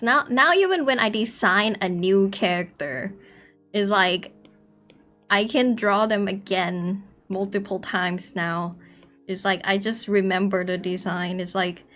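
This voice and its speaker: A woman's voice: medium pitch, fairly bright tone. A young woman chatting casually on a drawing stream, rambling and self-conscious, laughing often. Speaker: artist streamer.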